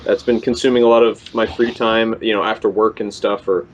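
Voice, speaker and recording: A man's voice: fairly low pitch, little pitch movement, a little fast. A young man co-hosting a podcast, talking casually and hesitantly with many ums and restarts. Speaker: podcast co-host. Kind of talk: casual chat. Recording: dull lo-fi podcast recording.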